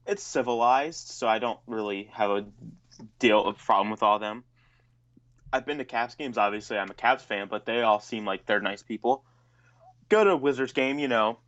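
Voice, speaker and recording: On a lo-fi recording, a medium-pitched man co-hosting a podcast tells stories in a casual chat that's profane and ranting.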